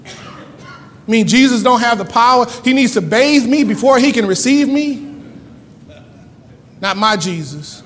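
High-voiced preaching man in a reverberant church. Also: animated, unhurried, pauses often. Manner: preaching, rising to shouts. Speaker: pastor. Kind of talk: sermon. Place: church sanctuary.

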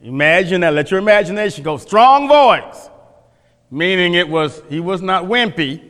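A man's voice: sits high, fairly quick, bright, forceful tone. A man teaching a Bible class, folksy, questioning his listeners, often restarting his sentences. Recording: echoey hall.

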